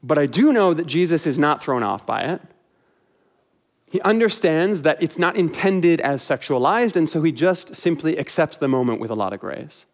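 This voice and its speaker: A man preaches a sermon in a relaxed, conversational style. He slips in wry, knowing asides as he talks. His voice sits somewhat high for a man. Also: normal speed. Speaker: pastor.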